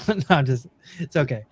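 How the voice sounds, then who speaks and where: A man hosting a casual podcast, giggling often and talking in halting starts. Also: a little high. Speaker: podcast host.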